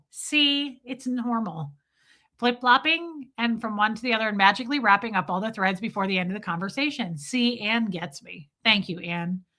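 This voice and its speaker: A woman talks casually to her livestream chat with a bright, sharp-edged voice. She tells a story in a self-mocking way and acts out each side of a conversation as she goes. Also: on the high side. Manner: chatty, self-mocking, acts out quoted dialogue. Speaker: streamer.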